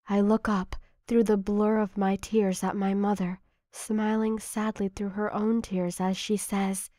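Woman, devotional meditation reading, hushed, emotional, very slow, mellow dark voice, dry recording. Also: medium pitch, level tone, dry recording. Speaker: narrator.

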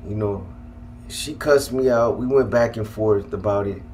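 A man telling a personal story in casual, profane speech, halting and restarting often. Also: on the low side, darkish tone, a little hiss or hum. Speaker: guest telling his life story.

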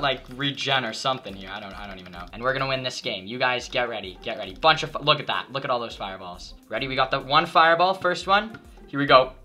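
A young man doing excitable, jokey commentary over his game as a gaming YouTuber. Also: mid-range voice, fast. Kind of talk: gameplay commentary.

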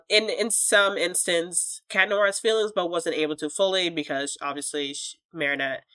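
Woman, lowish bright voice, casual rambling reviewer who swears now and then. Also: no room sound. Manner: rambling, many fillers and restarts; candid, occasionally swears. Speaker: film reviewer. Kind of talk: casual spoken film review.

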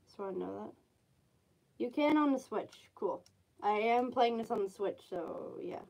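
A woman's voice: a little high, lively intonation, measured pace, creaky, a little mellow, poor audio. A woman streaming a game, chatting casually and teasing with her viewers. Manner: giggly, teasing chat. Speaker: gaming streamer. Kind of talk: casual gameplay commentary.

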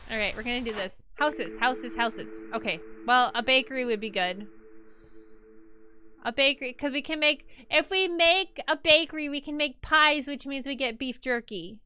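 A woman live-streaming a game in casual commentary, excitable and swearing freely, with yelled outbursts at the game. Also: sits high, normal speed, clear, resonant tone.

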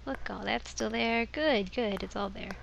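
Sarcastic, gravelly-voiced woman playing a game. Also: medium pitch, measured pace, a little hiss or hum, low-quality recording. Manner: sarcastic, swears freely, reads game dialogue aloud. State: sniffly from allergies. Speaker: let's play gamer. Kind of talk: casual game commentary. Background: game music.

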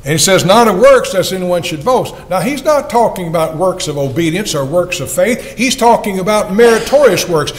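A man's voice: sits high, poor audio. An older man, an evangelist, preaching a sermon in an earnest, folksy way and asking his listeners questions.

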